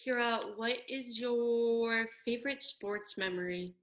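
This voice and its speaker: A high-voiced young woman in her late teens chats casually with a classmate. She tells her stories in an animated way and now and then gets loud. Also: slow pace. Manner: animated storyteller, often raises her voice. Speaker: high school senior. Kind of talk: casual chat between classmates.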